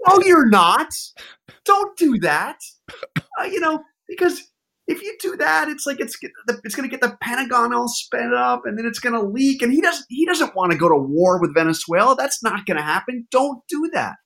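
A man putting on a high, strained voice to play a frantic male aide who urgently warns someone off. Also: expressive, moderate pace, creaky, pushed and bright, heavily acted. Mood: alarmed. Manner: urgent, pleading warnings. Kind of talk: acted quote in an interview.

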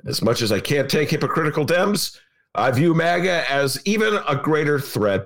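Sarcastic talk radio host, very lively pitch. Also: male voice, normal speed, gravelly. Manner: sarcastic, laughs often. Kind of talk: opinionated talk radio monologue.

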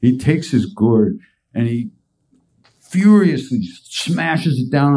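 A man's voice: mid-range voice, expressive, slow pace, dark tone. A man hosting a spiritual podcast, telling a story in a casual, rambling way. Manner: casual, rambling, with fillers and restarts. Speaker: podcast host and spiritual teacher. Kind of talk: storytelling talk.

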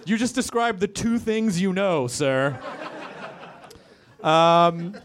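A man's voice: sits high, moderate pace. A man hosting a stand-up showcase on a club stage, rambling and self-deprecating as he introduces the next act. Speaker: comedy show host. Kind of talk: stand-up emcee.

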